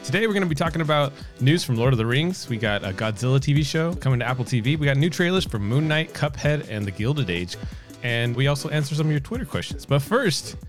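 A man's voice: medium pitch, very animated, fast, soft background music. A man hosting a casual podcast about movies and TV, upbeat and laughing often. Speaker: podcast host.

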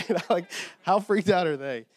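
A man preaching a sermon as a pastor, retelling a story in an animated, casual way with frequent "okay?" checks, a little tired from short sleep. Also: sits high, normal speed, no echo.

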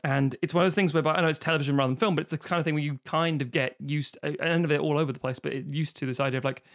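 A man's voice: a little high, fairly even intonation, racing, a bit bright. A British man in casual podcast chat, swearing freely and slipping into silly voices. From Britain.

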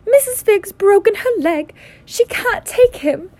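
A woman voicing a shrill, fussy middle-aged aunt who talks in a high, strained, frantic way. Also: animated, measured pace, mellow.

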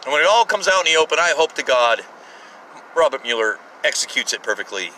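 A man in his thirties rants from behind the wheel, swearing freely and breaking off mid-sentence. His voice sits a little high and sounds bright and sharp. It is picked up from a distance inside a moving car, with faint road noise underneath. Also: very animated, quick pace. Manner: profane, rambling, self-interrupting. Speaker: podcast host. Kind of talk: in-car rant podcast. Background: faint road and traffic noise.

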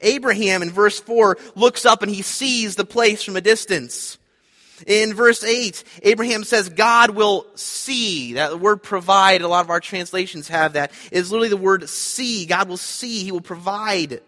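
A man's voice: sits high, pushed and bright, big-room sound. A man preaching a sermon, earnest and emphatic, repeating his key points. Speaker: pastor.

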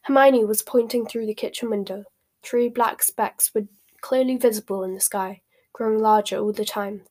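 A woman narrating a storybook with a measured, expressive reading. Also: mid-range voice. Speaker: audiobook reader.

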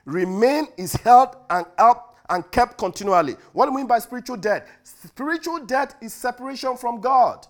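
A male preacher delivering a sermon, swinging from loud declarations to hushed asides. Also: high voice.

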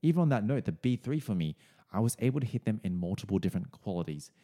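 A male singing coach talks viewers through a song's vocal choices in a somewhat low voice. His delivery is friendly and explanatory, loosened with casual fillers. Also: big pitch swings, fast, dark tone.

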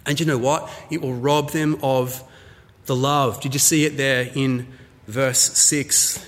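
A man's voice: mid-range voice, level tone, takes it slowly, a bit bright, long reverb tail. A man preaching a sermon in a conversational, storytelling way, acting out little scenes to make his point. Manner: conversational, storytelling, acts out voices in anecdotes. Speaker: pastor.

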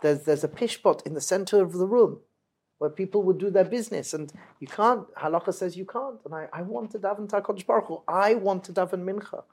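A man's voice: sits high, a little fast, a little mellow, breathy edge, voice pushed up. Man doing an emotional old rabbi, pleading, voice rising. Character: distraught old Hasidic rabbi, tearful and longing.

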